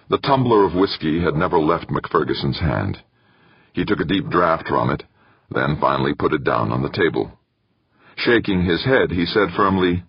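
Husky low-voiced male narrator, lo-fi. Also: expressive, normal speed, no room sound. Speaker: audiobook narrator. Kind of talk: scripted narration.

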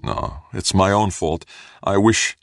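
A man's voice: deep voice, slow, no room sound, clean studio sound, voice pushed up. A man reading aloud voices a weary, troubled man in an audiobook, speaking in earnest.

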